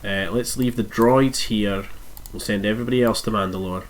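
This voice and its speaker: A man with a somewhat low voice, thick and nasal from congestion, commentates his own strategy game live. He thinks out loud, weighs options and corrects himself mid-sentence in an easygoing streamer's manner. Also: steady tone, moderate pace, a little hiss or hum. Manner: thinks aloud while playing, musing and self-correcting.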